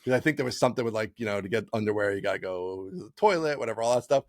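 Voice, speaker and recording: Lively, animated male podcast co-host. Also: lowish voice, rapid-fire, no echo, studio quality. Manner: animated storyteller, laughs often. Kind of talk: casual chat.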